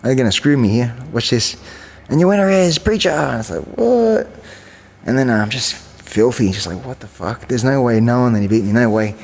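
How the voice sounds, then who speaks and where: A man's voice: medium pitch, a little mellow, big-room sound. Rambling man telling stories. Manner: rambling, many fillers and restarts, acts out quotes. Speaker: guest, champion kickboxer. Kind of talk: casual storytelling interview.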